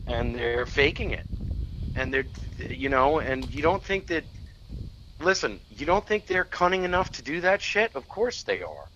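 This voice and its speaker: A man's voice: on the high side, very animated, moderate pace, sharp tone, muffled recording, slight background noise. A man co-hosting a political talk radio show, speaking bluntly and emphatically and swearing when heated.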